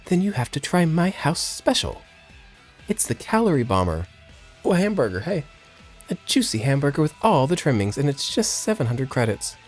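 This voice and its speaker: A man's voice: big pitch swings, moderate pace, faint music behind. A man voicing an eager woman who sells burgers in a video game. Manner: eager sales pitch. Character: cheery woman burger cook.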